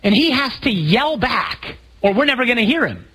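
A priest giving a sermon to a group of men, animated, asking rhetorical questions and acting out the scene he describes. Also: very high voice, moderate pace, breathy edge, rough recording. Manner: acts out scenes vividly.

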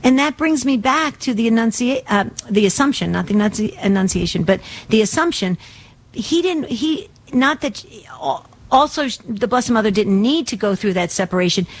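Rambling woman radio host. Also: a little high. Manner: rambling, with many restarts and fillers. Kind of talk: casual faith talk.

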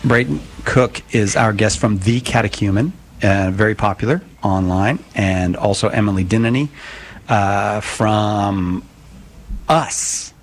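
A man's voice: lowish voice, faint music behind. Chatty man hosting a call-in radio show. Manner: chatty, joking, quick asides. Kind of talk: live radio talk.

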